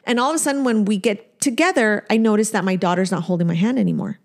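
Woman in her 40s co-hosting a chat podcast, tells stories with lots of feeling, mid pitch. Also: quick pace. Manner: animated storyteller, acts out voices. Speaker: podcast co-host. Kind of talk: casual chat.

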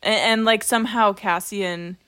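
A young woman co-hosting a podcast, talking casually through a book's plot holes. Her voice is mid-pitched and ordinary. She keeps firing off questions and wry asides. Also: steady tone, a little slow, a bit bright. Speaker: podcast co-host. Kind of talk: casual book discussion.

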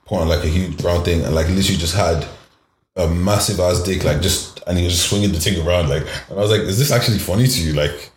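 A man's voice: sits low, fast, reverberant, slight background noise. A young man from Ireland chatting casually, rambling with many restarts and slang fillers. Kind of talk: casual podcast chat.

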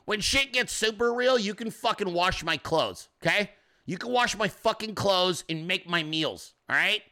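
A man's voice: high-pitched, expressive, normal speed, bright, forceful tone. A man hosting a ranting commentary show, profane and mocking, with a sarcastic edge. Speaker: host.

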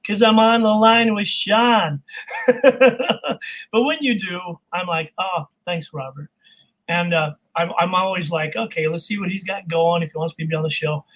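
A man who coaches voice work, chatting as a guest on a video call, animated and quick to laugh. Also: high voice, rough recording. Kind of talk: casual video call chat.

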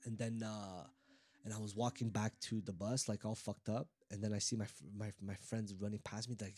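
A French-speaking man telling a rough street story in casual podcast chat, swearing and quoting himself. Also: lowish voice, level tone, brisk, a little mellow, no echo, studio quality. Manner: loose, profane, quoting himself.

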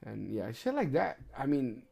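A middle-aged man hosting a podcast, telling stories in casual chat, swearing often and getting animated. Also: medium pitch, moderate pace, creaky. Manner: profane, animated storyteller. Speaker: podcast host.

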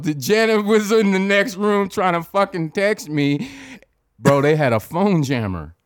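A man spins a story in loose, profane casual chat, his pitch leaping up and down as he acts out his own reactions. His voice sits fairly high for a man, and the sound is close and dry. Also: animated, measured pace, no echo. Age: adult, married.

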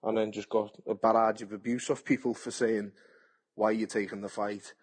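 A man's voice: fairly low pitch, little pitch movement, normal speed, breathy edge. A man, a boxer talking frankly and bluntly in a casual podcast interview, swearing freely and acting out past conversations. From Britain. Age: 30s.

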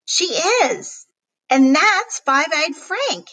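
Woman doing Sam, an excitable young boy. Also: high-pitched, extremely slow, distant mic, voice pushed up, full character voice. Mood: eager. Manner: eager, bouncy kid voice.

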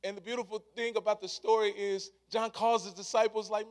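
A man preaching a sermon in casual, conversational words, repeating his points and swinging from hushed to loud. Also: sits high, level tone, brisk, hardly any pauses.

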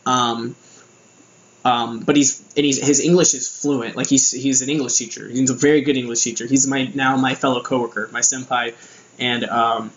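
A man's voice: mid-range voice, flat delivery, normal speed, echoey room, lo-fi sound. A young American man telling a casual story about his time abroad, rambling with lots of fillers and restarts. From United States. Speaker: vlogger.

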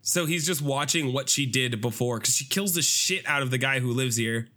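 A young man co-hosting a podcast, telling animated, swearing jokes in casual chat. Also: mid-range voice, normal speed. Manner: animated, swearing, joking storyteller. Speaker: podcast co-host.

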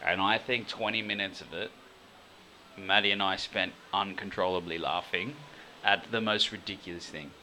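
A man's voice: deep voice, fairly even intonation, moderate pace, sharp tone, a little hiss or hum. A man co-hosting a podcast, telling a rambling story in casual chat and laughing easily. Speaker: podcast co-host.

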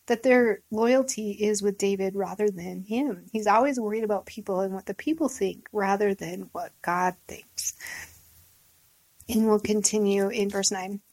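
A woman's voice: medium pitch, a little mellow, no room sound. A woman leading a Bible study, reading scripture aloud and explaining it in an earnest, conversational way. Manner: earnest, reads verses then comments conversationally. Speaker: Bible teacher.

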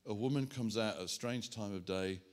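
A man preaching a sermon, animated and self-mocking, chatting with the congregation as he works through a demonstration. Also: on the low side, a little fast. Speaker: pastor. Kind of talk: sermon with props. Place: church hall.

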